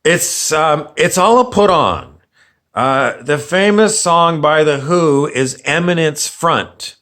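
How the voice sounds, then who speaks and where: A man's voice: a little high, expressive, slow pace, a bit bright. A man ranting on camera as a vlogger, sarcastic and meandering, often repeating himself. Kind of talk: rambling opinion rant.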